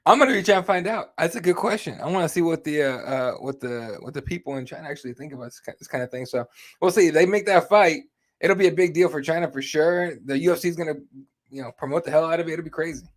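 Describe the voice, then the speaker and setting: A man's voice: fairly high pitch, fast talker. A man from Arizona co-hosting a casual podcast, reading out live chat in an easygoing way and laughing often. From Arizona, USA.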